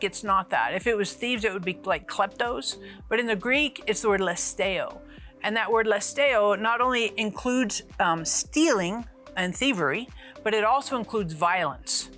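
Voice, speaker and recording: A woman's voice: mid-range voice, a bit bright. A woman teaching the Bible in a casual, chatty way, joking with a teasing sarcastic streak and often restarting her sentences as she explains. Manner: conversational, with frequent restarts while explaining.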